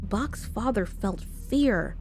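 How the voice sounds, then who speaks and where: A woman narrating a scripted horror story in a slow, measured way with dramatic pauses. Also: mid-range voice, lively intonation, darkish tone. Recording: faint background music.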